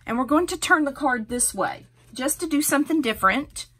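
A woman's voice: high-pitched, animated, a little fast, a bit bright. Host, female, middle-aged: chatty, encouraging craft demonstrator, step-by-step delivery.

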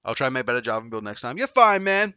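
A man's voice: mid-range voice, fast, clean tone, dry recording, highs cut off. A man coaching video games on a live stream, chatting casually, swearing and joking with viewers. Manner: profane, joking, excitable.

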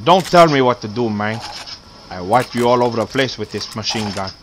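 A man's voice: mid-range voice, expressive, fairly quick, lightly acted. A man voicing a hot-tempered gangster boss while commentating gameplay, with broken, profane threats. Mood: menacing. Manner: broken English, profane threats, shouting bursts. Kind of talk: in-character game commentary.

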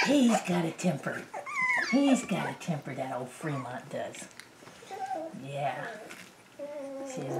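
A woman's voice: deep voice, very animated, slow, creaky, pauses often, recorded from a distance. A woman talking playful, cooing baby talk to her puppies in an indoor puppy pen, filmed on a handheld camera. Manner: cooing, sing-song and playful. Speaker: dog breeder filming her puppies. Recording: roomy with loud noise.

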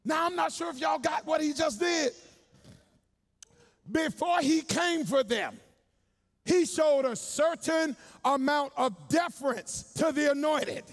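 High-voiced pastor preaching call-and-response. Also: male voice, takes it slowly. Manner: call-and-response, colloquial, swings from hushed asides to shouting. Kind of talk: sermon.

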